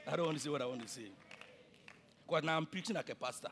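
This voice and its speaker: A male pastor with a Ghanaian accent, preaching a sermon that swings between shouting and quiet, and he repeats himself often. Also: on the high side, very animated, racing, gravelly, slightly rough.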